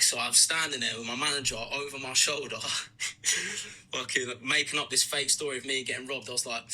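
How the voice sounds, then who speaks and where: Bright-toned British man telling a story. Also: mid-range voice, fairly quick, rough recording. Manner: lively comic storytelling with laughs. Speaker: podcast host. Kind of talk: reading out a listener's story.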